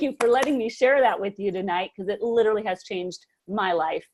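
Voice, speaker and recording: A middle-aged woman telling a personal story to a group with lively enthusiasm, acting out the quotes. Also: mid-range voice, quick pace, hardly any pauses. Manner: animated storyteller, acts out quotes. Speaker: speaker sharing a personal testimony.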